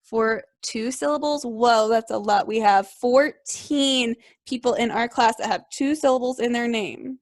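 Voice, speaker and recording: A young woman teaching a second grade class remotely, upbeat, clear and encouraging as she speaks to small children. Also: a little high, unhurried, few pauses, no room sound, clean studio sound.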